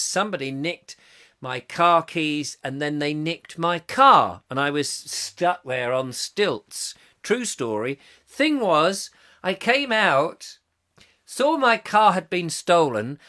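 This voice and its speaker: A man hosting a rambling, comic live chat show, laughing often as he tells stories and drops into silly voices. His voice is bright and lively, swinging up and down freely as he talks. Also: a little high. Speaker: host.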